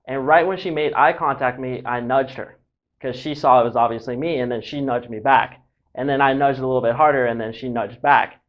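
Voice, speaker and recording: A man's voice: medium pitch, steady tone, a little fast. A man from Southern California telling a casual story as a dating coach, breezy and cocky, swearing freely, in a dull lo-fi recording.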